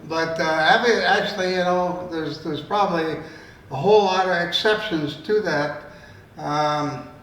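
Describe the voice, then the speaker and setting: A Canadian man in his eighties, a storyteller and author, tells stories at a library event in a rambling, folksy, conversational manner. His voice is fairly high and fairly bright, and he speaks a little slowly. The recording sounds roomy, with the mic far away and faint noise.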